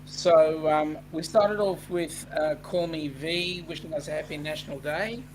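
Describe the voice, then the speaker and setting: An Australian man co-hosting a live stream, greeting chat viewers in a relaxed, chatty way with lots of fillers. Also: fairly high pitch, unhurried, poor audio. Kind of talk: casual online chat. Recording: buzzing mic with background noise.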